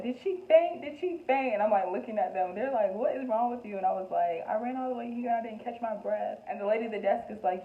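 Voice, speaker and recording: Young woman vlogging, chatty and candid, kinda low voice, sounds like a tinny phone line in an echoey room. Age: young adult. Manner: chatty and candid, laughs often, fillers like "like" and "um". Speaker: vlogger answering get-to-know-me questions. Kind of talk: casual chat.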